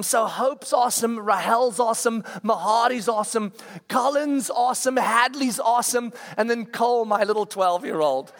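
Camp speaker, man in his forties, high voice, animated storytelling sermon full of restarts. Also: normal speed. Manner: animated, with frequent restarts and stammers; acts out quoted people in raised voices.

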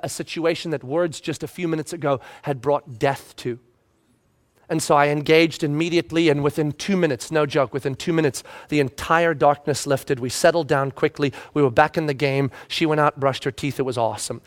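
A pastor delivers a storytelling sermon in a noticeably high male voice. His delivery is expressive, rising to loud emphasis at times and dropping to hushed tones at others. He is talking to a congregation.

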